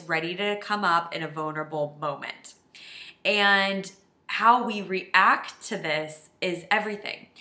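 Bright sharp woman life coach talking straight to camera, earnest and emotional, echoey room. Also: lowish voice. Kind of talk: confessional self-help vlog.

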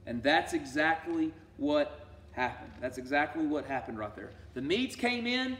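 A man teaching a sermon-style Bible study. He talks emphatically, swinging between loud declarations and hushed asides. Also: a little high, animated, fairly quick. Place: church sanctuary. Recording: echoey church room from far off.

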